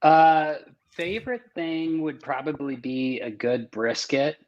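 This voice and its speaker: A man's voice: a little high, takes it slowly, highs cut off. A man chatting casually as a podcast guest, explaining things in an easygoing way.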